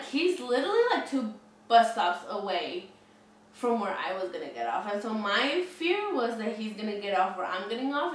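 A woman in her twenties telling a story casually, chatty, with lots of "like" and frequent swearing. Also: medium pitch. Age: 20s. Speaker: vlogger. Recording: very echoey room, mic at a distance, faint noise.

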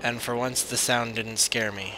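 A gaming channel host rambles to himself during a let's play, easily startled by events in the game. His mid-range voice moves at normal speed with fairly even intonation. It's a noisy amateur mic recording.

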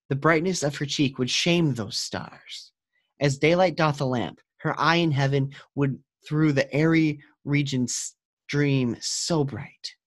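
A lovestruck young nobleman, read by a man in an everyday speaking voice. He is earnest and measured, taking the verse slowly and steadily, like a stage play read aloud. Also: mid-range voice, fairly bright tone.

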